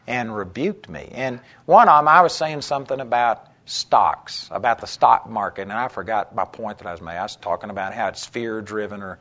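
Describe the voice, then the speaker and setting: A man teaching a Bible class, telling personal stories in a conversational way and getting louder and more animated when he quotes himself. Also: fairly low pitch, fairly quick, few pauses, lo-fi sound. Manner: conversational storytelling, gets loud and animated when quoting himself.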